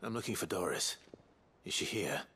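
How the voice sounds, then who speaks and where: An actor voicing a serious, steady male hero who speaks tersely. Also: low-pitched, moderate pace, a little hiss or hum, exaggerated voice.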